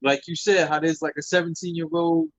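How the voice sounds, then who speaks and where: A man's voice: a little high, fairly quick, no room sound, dull audio. A man in casual chat, speaking bluntly and emphatically, swearing freely.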